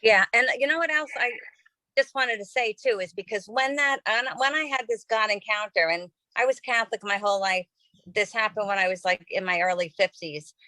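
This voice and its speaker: A woman in her fifties shares a heartfelt personal story on a podcast. Her voice sits at a middling pitch, and she talks in a rambling, earnest way, full of ums and restarts. The sound is dry and close, with no room echo. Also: fairly quick, pushed and bright. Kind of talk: personal testimony in casual conversation.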